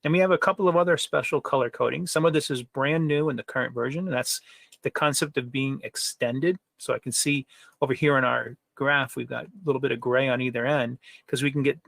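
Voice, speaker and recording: A man presenting trading software in a conversational webinar, with frequent fillers and rhetorical questions. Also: mid-range voice, fairly even intonation, brisk, vocal fry, no echo.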